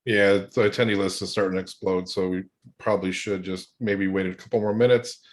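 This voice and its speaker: Friendly low-voiced man, jokey cohost. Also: steady tone, brisk. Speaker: webinar co-host. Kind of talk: casual chat.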